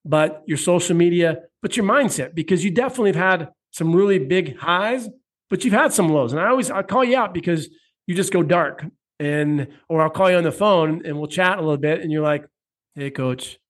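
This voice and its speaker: American man, raised pitch, profane, animated, casual host. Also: a little fast. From United States. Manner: loose, profane, animated storytelling. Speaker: host, fitness coach. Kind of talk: casual interview chat.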